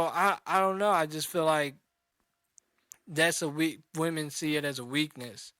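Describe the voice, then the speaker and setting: A man's voice: fairly high pitch, fairly bright tone, smooth, no echo, clean studio sound. A man co-hosting a casual podcast chat, speaking hesitantly and thinking aloud. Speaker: podcast co-host.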